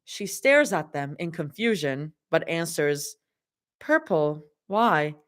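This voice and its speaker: A woman's voice: low-pitched, animated, unhurried. A woman doing a casual live reading of fanfiction, dropping in her own laughing asides. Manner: casual, laughs and swears between passages. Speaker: fanfiction reader.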